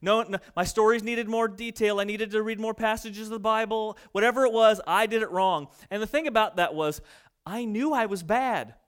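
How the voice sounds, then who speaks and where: A young adult man preaching a sermon, fast-talking and animated, mimicking people in quick asides. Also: high-pitched, clean tone. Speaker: pastor.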